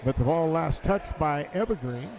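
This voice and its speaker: A man calling a basketball game play by play, excitable and quick in bursts. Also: fairly high pitch, crowd noise. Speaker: play-by-play announcer. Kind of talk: live basketball commentary.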